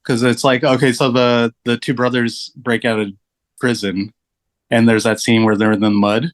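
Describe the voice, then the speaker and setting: A man's voice: medium pitch, flat delivery, normal speed, dry recording. A man appearing as a podcast guest, talking about films in a loose, casual way with lots of fillers and laughter. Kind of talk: casual film chat.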